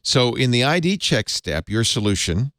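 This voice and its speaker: A man's voice: medium pitch, big pitch swings, moderate pace, fairly bright tone, no room sound, studio quality. A man hosting a tech news panel show, chatting and reading a sponsor ad with many fillers and restarts. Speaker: host. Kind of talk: tech news panel chat and live ad read.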